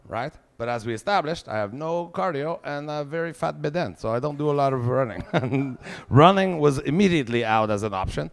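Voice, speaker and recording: A man's voice: on the high side, animated, normal speed, creaky. A man doing live stand-up, telling a crude, self-mocking story peppered with swear words. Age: 40s. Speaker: stand-up comedian.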